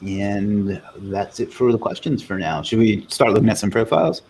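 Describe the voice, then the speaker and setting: Man, lowish voice, casual host, reads viewer comments aloud, faint room hiss. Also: expressive, normal speed, darkish tone. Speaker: livestream host. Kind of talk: casual live Q&A chat.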